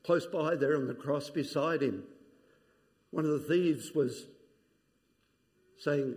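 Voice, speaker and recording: Slow, dramatic preacher in a reverberant hall. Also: male voice, a little high. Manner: dramatic storytelling, dropping to hushed quotes. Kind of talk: sermon.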